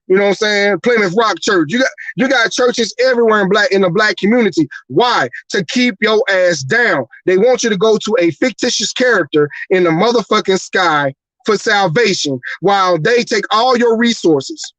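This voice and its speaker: Profane, high-pitched ranting male podcast host. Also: lively intonation, moderate pace, fairly bright tone, dry recording, low-quality recording. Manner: profane, rhetorical, repeating "you mean to tell me". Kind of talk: angry atheist rant on a live podcast.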